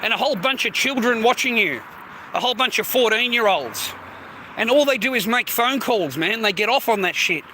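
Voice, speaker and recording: High-voiced man ranting outdoors, foul-mouthed. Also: animated, brisk. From United States. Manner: profane, mocking, calls everyone mate and bro. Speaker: livestreamer. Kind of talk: rambling live-stream rant. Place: outdoors near the sea, walking by traffic. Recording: loud street and car noise.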